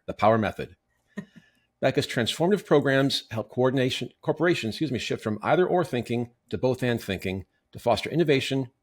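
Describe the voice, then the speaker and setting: Brisk male podcast host. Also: mid-range voice. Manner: brisk, reads intro with small self-corrections. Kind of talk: scripted guest introduction and interview.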